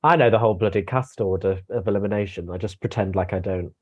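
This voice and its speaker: A man's voice: on the low side, fast talker, muffled recording. A young man giving his views in a casual review chat, chatty and opinionated, with stammering restarts. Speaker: co-host guest.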